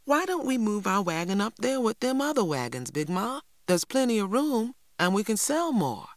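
Lady doing a bossy kid, high pushy voice, dry close mic. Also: very animated, normal speed, no echo, lightly acted. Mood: eager. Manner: eager, pushy, higher-pitched. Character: spirited young Southern girl, impatient and blunt.

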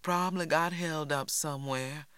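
A man's voice: a little high, fairly even intonation, moderate pace, sharp tone, smooth, no echo. A man reading an audiobook, voicing an old rural grandmother who speaks in a matter-of-fact, reassuring way.

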